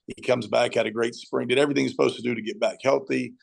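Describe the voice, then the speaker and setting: Gravelly middle-aged football coach. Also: male voice, mid-range voice, fast talker. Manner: animated storyteller, acts out shouting at the TV. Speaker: high school football coach. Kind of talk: podcast interview guest.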